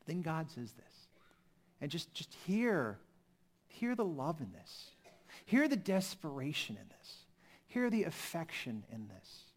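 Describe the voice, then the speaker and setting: High-voiced man preaching a sermon. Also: slow pace. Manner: expressive, swings from emphatic to hushed. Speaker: pastor.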